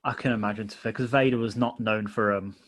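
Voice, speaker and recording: A man hosts an interview in a chatty, self-deprecating way, quick to laugh. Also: on the low side, fairly even intonation. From England. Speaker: podcast host. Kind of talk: casual interview chat.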